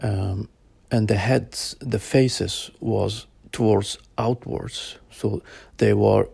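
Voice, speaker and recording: Slow, gravelly man recounting a vision. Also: on the low side, steady tone, dark tone, no echo. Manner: slow, halting, searching for words. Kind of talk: personal account told to interviewer.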